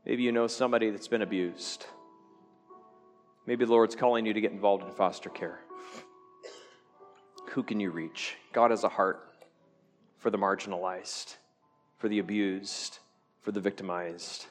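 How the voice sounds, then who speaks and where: A man preaching a sermon to his church, joking with the congregation and swinging from loud peaks to hushed lines. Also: fairly low pitch, steady tone, a little slow, long pauses, big-room sound, soft background music. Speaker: pastor.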